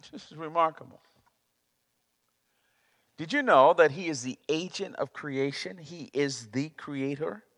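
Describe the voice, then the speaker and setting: A man's voice: fairly high pitch, animated, unhurried, pauses often, a bit bright. A man preaching a sermon, emphatic and prone to repeating himself as he searches for words. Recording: long reverb of a large hall.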